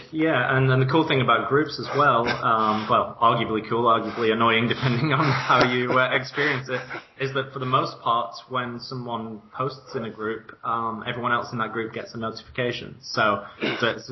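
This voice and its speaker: A man's voice: medium pitch, steady tone, moderate pace, dull audio, background noise. A man co-hosting a podcast, explaining ideas in an enthusiastic, talkative way. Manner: enthusiastic, explanatory, laughs lightly. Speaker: co-host. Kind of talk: conversational business podcast.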